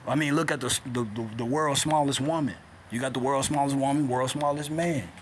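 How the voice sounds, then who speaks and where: A man's voice: fairly even intonation, fairly quick, a little hiss or hum. A man giving an informal bible teaching in a streetwise, insistent way, often checking in with his listeners. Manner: streetwise, keeps adding "man" and "all right?"; insistent, swings from loud to low. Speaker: scripture teacher.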